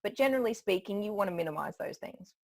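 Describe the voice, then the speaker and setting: A woman coaches on public speaking in a relaxed, conversational way, breaking into laughs as she explains. Her voice has a gravelly, creaky edge, and her pitch sits in an ordinary middle range. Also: fast talker. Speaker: public speaking trainer, guest. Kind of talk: conversational expert advice.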